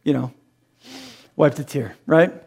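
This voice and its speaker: A man's voice: a little high, slow pace, gravelly, a little mellow, breathy edge. A man in his thirties preaching a sermon, who acts out quoted voices and laughs at his own jokes. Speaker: pastor.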